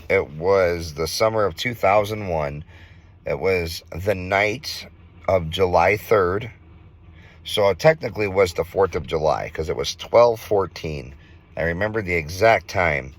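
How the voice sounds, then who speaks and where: Low-voiced man telling a ghost story. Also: animated. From Minnesota. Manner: earnest, halting with fillers. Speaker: vlogger. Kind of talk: casual spoken storytelling.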